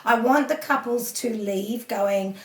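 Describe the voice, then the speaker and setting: Woman, fairly high voice, animated and laughing, casual swearing, echoey room. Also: unhurried, recorded from a distance. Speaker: spiritual empowerment coach, guest. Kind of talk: casual podcast chat.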